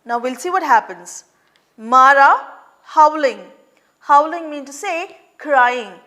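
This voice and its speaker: A young woman with an Indian English accent teaching an online class, explaining a play slowly and repeating lines to explain them. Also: high voice, expressive, fairly bright tone.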